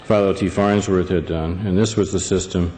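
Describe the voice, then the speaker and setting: Deep-voiced man presenting in a hall. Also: steady tone, normal speed, dark tone. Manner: hesitant, many fillers and restarts. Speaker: event presenter. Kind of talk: live presentation to an audience. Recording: echoey hall, faint ambience.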